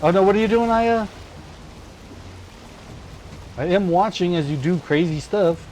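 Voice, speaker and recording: A man streaming a co-op game, chatting casually and telling a myth in a playful, animated way. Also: sits high, fairly quick, a little hiss or hum. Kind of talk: casual gameplay chat with storytelling.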